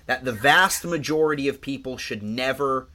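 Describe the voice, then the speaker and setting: A man co-hosting a podcast in casual chat, telling stories in a rambling, profane, animated way. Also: mid-range voice, normal speed. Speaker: podcast co-host.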